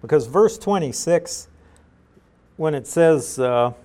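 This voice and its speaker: A middle-aged man giving a verse-by-verse Bible teaching in a measured, explanatory way, with frequent fillers and restarts. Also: a little high, expressive, darkish tone.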